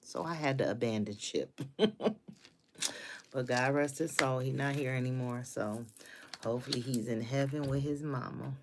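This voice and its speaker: A woman's voice: a bass voice, moderate pace, long pauses, slight background noise. A woman in her fifties chatting casually on a live stream from her home office, talking to viewers by name. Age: 50s. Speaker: livestream host.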